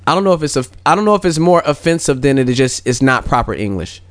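A man's voice: mid-range voice, big pitch swings, fast, dry recording. A man co-hosting a casual podcast chat, laid-back and slangy, pushing back with questions. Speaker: podcast co-host.

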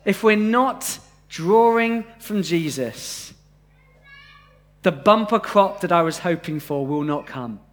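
Male preacher, high-pitched, easygoing delivery, live sermon with questions to the room. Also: animated, slow. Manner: conversational, asks the congregation questions. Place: church, live congregation.

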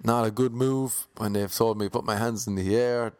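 A man's voice: lowish voice, normal speed, no room sound. A man tells a story in a casual, comic way. He swears freely and mocks himself. The recording is close and dry, with no room sound. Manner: lively, acts out the voices in his story; swears casually, self-mocking.

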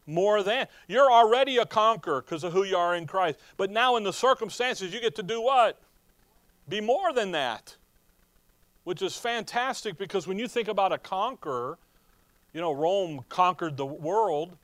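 A man preaching a sermon with lively emphasis, often asking the congregation rhetorical "what?" questions. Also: high-pitched, normal speed, no echo. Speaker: pastor.

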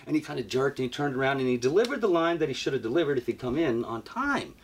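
A man casually telling a story on a podcast, animated and swearing, acting out what he said. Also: mid-range voice, quick pace, a little hiss or hum. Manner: animated, profane, acts out his own lines.

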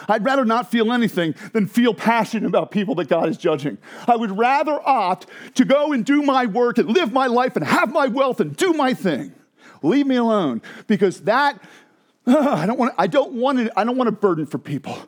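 A man's voice: very high voice, big pitch swings, moderate pace. A man voicing a weary, apathetic male churchgoer who wants to be left alone, in a whiny, defensive caricature.

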